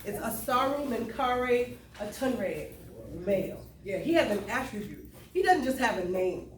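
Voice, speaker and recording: A woman's voice: fairly high pitch, animated, unhurried. A middle-aged woman giving an emotional personal testimony to a live audience at a cultural event, in a conversational storytelling way. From US Lowcountry (South Carolina). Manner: emotional, conversational Southern storytelling with call to the crowd. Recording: roomy sound from far off, faint room noise.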